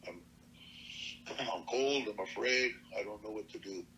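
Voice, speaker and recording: A man's voice: on the low side, unhurried, bright, forceful tone, highs cut off, a little hiss or hum. An old man voicing a frightened drunk old man. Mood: pleading. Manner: pleading, ashamed.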